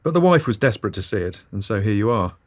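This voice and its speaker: A man's voice: on the low side, sing-song, quick pace, darkish tone. A man hosting an absurdist comedy podcast, reading scripted nonsense in a dry, matter-of-fact way. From Britain.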